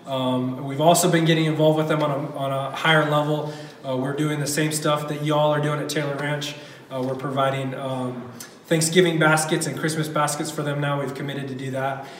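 A man's voice: a little high, flat delivery, moderate pace, a bit bright, a little hiss or hum. A man giving a campus report to a church, casual and enthusiastic with frequent fillers. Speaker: campus pastor. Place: church hall. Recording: echoey room from a distance.

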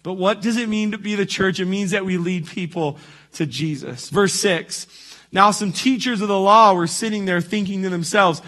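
Male pastor, high voice, bright tone, conversational sermon, lots of "right?" asides. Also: moderate pace. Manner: conversational preaching, frequent "right?" asides and restarts.

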